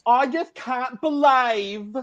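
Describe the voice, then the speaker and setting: A shocked, indignant female houseguest whines in a shrill Essex accent, her words stretched slow and pitched way up, as a man puts her on for a laugh. Every phrase drags out in disbelief. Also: fairly bright tone, muffled recording, full character voice. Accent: put-on Essex.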